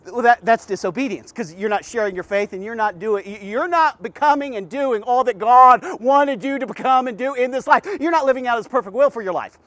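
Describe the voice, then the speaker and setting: A man giving a rambling devotional talk, stammering and repeating himself with animated asides. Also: very high voice, fairly quick, hardly any pauses, no echo. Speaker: devotional podcast host.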